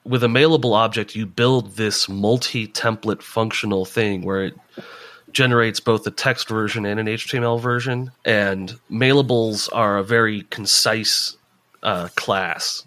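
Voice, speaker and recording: A man co-hosting a casual tech podcast who talks in a stuffy, monotone sinus voice with a head cold and rambles through restarts. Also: on the low side, unhurried, dry recording. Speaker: podcast co-host.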